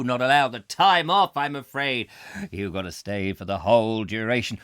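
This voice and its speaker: Lively, theatrical male host. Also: lowish voice, fairly quick, smooth, no room sound, studio quality. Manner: theatrical, jokey, rambling. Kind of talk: comic ranting chat show. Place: home studio in a back room.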